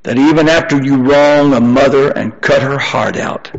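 An older man preaching a sermon, repeating his phrases as he presses his congregation, then dropping into quieter storytelling. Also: steady tone, moderate pace, dull audio. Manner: rising to high-pitched emphatic exhortation, then softer storytelling.

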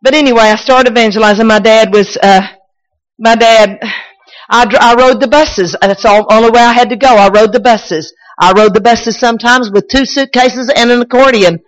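A woman's voice: on the high side, normal speed, lo-fi sound. Impassioned woman preacher. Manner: impassioned, shouting and crying out; folksy storytelling with repeats and restarts. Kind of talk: sermon with personal testimony.

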